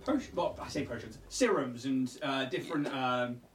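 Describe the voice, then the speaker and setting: A man's voice: mid-range voice, expressive, moderate pace, reverberant, distant mic. A man narrating a tabletop game as game master, chatty and casual with many fillers.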